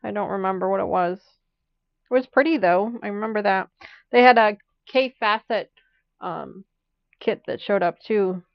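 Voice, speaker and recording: With the hiccups, a quilting host chats and rambles at a moderate pace in her mid-range voice, laughing often as she sews on a live stream. The audio has no echo and sounds dull.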